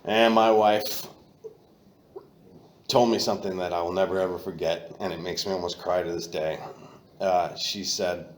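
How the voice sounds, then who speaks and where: A man telling his recovery story at a meeting, candid and profane, and he gets loud when he acts out old moments. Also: low voice, fairly even intonation, moderate pace, pauses often, reverberant, slight background noise. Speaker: AA meeting speaker. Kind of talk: personal recovery talk. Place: meeting room.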